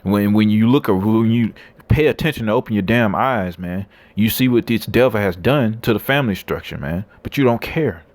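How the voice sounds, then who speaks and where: A man's voice: lowish voice, normal speed, darkish tone, dry recording. A man preaching and reading scripture aloud, blunt and coarse, tagging lines with "man" and "all right". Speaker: street preacher.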